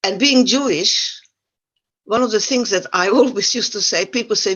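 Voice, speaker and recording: A woman's voice: medium pitch, moderate pace, a bit bright, lo-fi sound. An older woman with a Central European accent, giving a talk and telling her life story with wry humor. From Yugoslavia. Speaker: guest speaker. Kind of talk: talk to an online audience.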